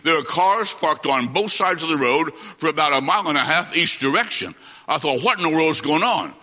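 A man's voice: fairly high pitch, expressive, fairly quick, sharp tone. A man from Illinois, a traveling preacher, delivering a sermon in a church with folksy, emphatic storytelling. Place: church sanctuary. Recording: dull lo-fi sound with long church reverb.

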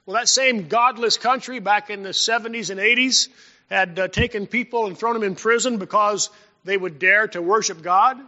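High, bright-voiced preacher in a hall. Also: male voice, normal speed. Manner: storytelling preacher, rising and dropping in volume. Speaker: pastor. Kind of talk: sermon. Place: church sanctuary. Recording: dull sound in a long-reverb hall.

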